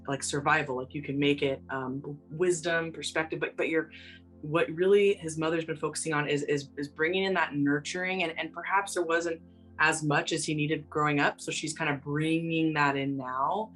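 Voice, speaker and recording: A woman working as a psychic medium, talking in a gentle, meandering way full of fillers, with soft music behind her. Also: deep voice. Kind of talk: casual spoken reading.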